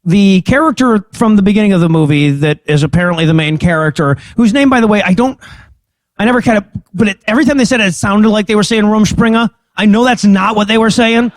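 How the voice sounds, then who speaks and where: A man's voice: sits high, fast, dry recording. A man co-hosting a comedy podcast, recapping a film's scenes and laughing often. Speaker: podcast co-host. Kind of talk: comedic movie-recap chat.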